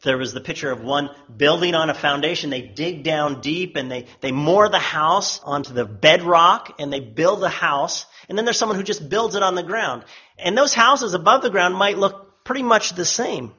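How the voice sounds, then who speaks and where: Emphatic husky male preacher, lo-fi. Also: normal speed. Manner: emphatic, rises for quoted voices and drops low and quiet for solemn lines. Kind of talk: sermon.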